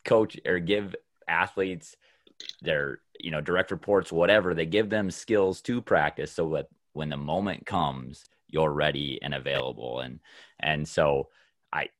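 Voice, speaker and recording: A man's voice: very deep voice, measured pace, dry recording, studio quality. A man hosting a casual podcast conversation, enthusiastic and loose, with lots of "like" and "you know". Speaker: podcast host.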